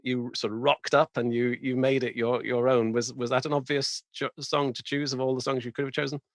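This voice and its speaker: A man's voice: mid-range voice, little pitch movement, brisk, no echo, studio quality. A man hosting a podcast, encouraging his guests and asking questions with small hesitations. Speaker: podcast host. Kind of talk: casual podcast interview.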